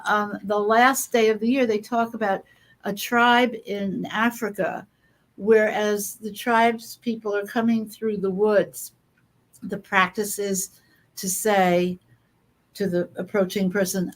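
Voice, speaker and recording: A woman guest on an interview, speaking earnestly and emphatically with quick asides and fillers. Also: medium pitch, flat delivery. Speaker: guest author. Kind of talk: conversational interview.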